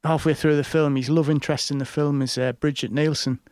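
Rambling man, slightly high voice. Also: fairly even intonation, fairly quick, darkish tone, clean tone, no room sound, studio quality. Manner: rambling storyteller, many fillers and restarts. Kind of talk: casual chat.

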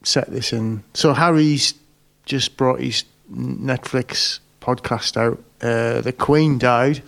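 A man co-hosting a casual podcast, joking deadpan and swearing. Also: medium pitch, slow, gravelly. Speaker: podcast co-host. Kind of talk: casual chat.

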